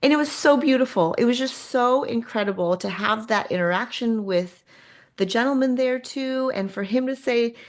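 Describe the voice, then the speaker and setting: A woman guest telling a personal story in conversation, animated and acting out the people in it. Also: fairly high pitch, moderate pace. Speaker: guest, artist.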